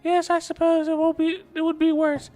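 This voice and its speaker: A man's voice: very high voice, monotone, normal speed, warm tone, soft background music, pitched above the performer's own voice. A man voicing a sardonic young woman mercenary, reading game dialogue in a raised voice.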